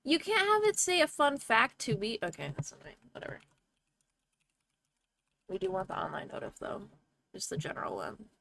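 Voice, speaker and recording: A woman's voice: a little high, huge pitch swings, normal speed, gravelly, pauses often, fairly bright tone, a little hiss or hum. A young woman streaming from home, chatting casually with her viewers, swearing freely and breaking into laughter. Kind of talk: casual livestream chat.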